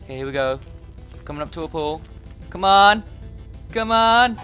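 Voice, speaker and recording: A man giving profane, excitable commentary while playing a game, with sudden yelled outbursts. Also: sits high, normal speed, long pauses, clear, resonant tone. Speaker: gaming YouTuber. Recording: game music behind voice.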